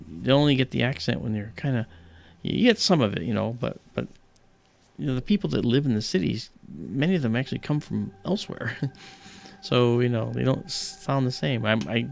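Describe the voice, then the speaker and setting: A man's voice: mid-range voice, creaky, a little mellow. A middle-aged man hosting an astronomy livestream, chatting casually and rambling with lots of "you know".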